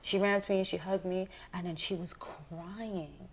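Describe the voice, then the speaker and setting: A young woman comedian in a casual interview, telling animated, frank stories and switching into the voices of people she quotes. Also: fairly low pitch, normal speed, breathy edge. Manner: frank, swears casually, laughs often.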